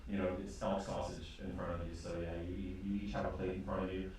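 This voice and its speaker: A man's voice: deep voice, level tone, fast, a little mellow. A man running a tabletop game as game master, describing scenes in a rambling, hesitant way with many fillers. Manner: rambling, hesitant, full of ums. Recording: echoey room, distant mic, faint noise.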